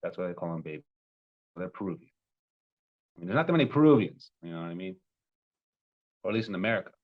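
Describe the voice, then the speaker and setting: A man in his twenties, a love coach, telling a personal story with animated, emotional bursts. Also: low-pitched, quick pace, dull audio. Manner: emotional, animated retelling with sudden loud peaks.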